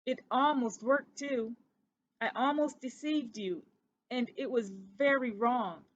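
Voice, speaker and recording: A woman voicing a timid, guilty little boy mouse who squeaks tearfully and apologizes. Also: takes it slowly, no echo, muffled recording. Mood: remorseful.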